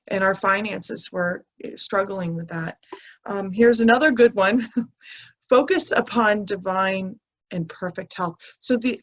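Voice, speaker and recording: A woman coach giving a heartfelt spiritual talk, reading aloud from angel cards with soft, emotional pauses and restarts. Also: mid-range voice. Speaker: mind health coach.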